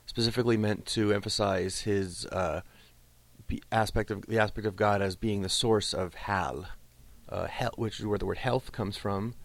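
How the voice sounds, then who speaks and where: A man teaching a lesson on Old English poetry, explaining patiently and slowing right down to recite the verse. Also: on the low side, vocal fry, no echo. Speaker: literature teacher.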